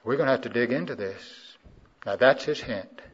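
Preacher man from south carolina, goes quiet then booms up high, makes the crowd answer him, kinda muffled old tape. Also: moderate pace, breathy edge. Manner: call-and-response preaching, swings from low and quiet to loud and high. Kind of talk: sermon. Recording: muffled old sermon recording.

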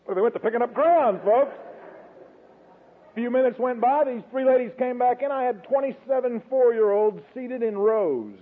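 A man's voice: very high-pitched, moderate pace, breathy edge. A man telling a colloquial, dramatic church testimony, speaking straight to his audience, heard over a tinny phone-like broadcast. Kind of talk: folksy storytelling testimony.

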